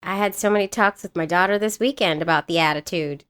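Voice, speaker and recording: A woman's voice: quick pace, hardly any pauses, smooth. A woman in her thirties co-hosting a podcast, chatting casually and acting out quotes in a raised voice. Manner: animated storyteller, acts out quotes in a high voice. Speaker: podcast co-host. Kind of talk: casual chat.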